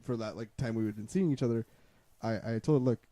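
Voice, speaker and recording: A man's voice: fairly low pitch, quick pace, dark tone, no echo. A man in casual chat, rambling through a personal story with many restarts. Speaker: podcast co-host.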